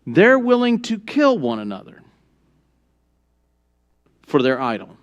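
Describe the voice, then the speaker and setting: A man with a high-pitched voice preaches a sermon from a church pulpit. He talks to the congregation in a joking, conversational way, then climbs to loud, emphatic peaks before dropping back to quiet asides. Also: wildly swooping pitch, slow, dull audio. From Texas. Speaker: pastor. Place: church sanctuary.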